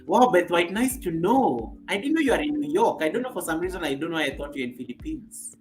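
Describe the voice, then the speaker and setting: A Kenyan woman chats on her live stream, answering viewer comments in a relaxed, rambling way. She laughs often and repeats her phrases. Faint music plays softly in the background. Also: lowish voice, quick pace.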